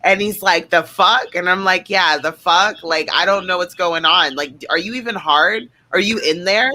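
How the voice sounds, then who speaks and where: Bright voiced woman in her 30s swearing her way thru a story, super blunt. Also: fairly low pitch, normal speed. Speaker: panel guest. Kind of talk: casual chat.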